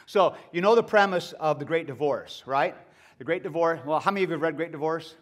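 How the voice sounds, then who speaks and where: A man, a seminary professor, giving a lively lecture to an audience with enthusiastic, chatty asides. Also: on the high side, fairly quick. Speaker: seminary professor speaking at a gathering.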